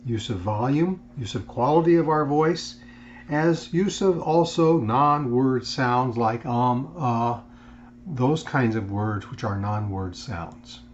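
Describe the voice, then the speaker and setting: A man gives a recorded lecture in a measured, unhurried way, often pausing on fillers and restarting phrases. His voice sits in a middle range and comes through a slightly muffled, lo-fi recording with a faint hum underneath. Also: mid-range voice. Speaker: instructor.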